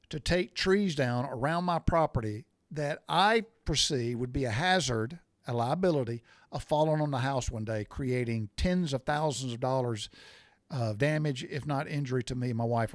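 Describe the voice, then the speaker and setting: A middle-aged man hosts his own podcast in an opinionated solo rant, getting worked up about what annoys him and speaking bluntly and repetitively. His mid-range voice is animated and moves at a moderate pace, recorded at studio quality with no echo.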